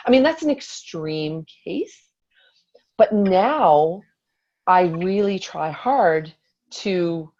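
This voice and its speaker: A woman in her forties telling a lively personal story in a motivational talk to her team, acting out what she said. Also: fairly low pitch, extremely slow, muffled recording. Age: 40s. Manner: animated storytelling, acts out quotes.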